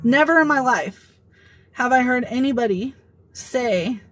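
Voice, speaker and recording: A woman's voice: fairly high pitch, a little slow, low-quality recording. Fired-up woman telling a storytime vlog. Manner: emotional, animated retelling with quoted dialogue. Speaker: vlogger.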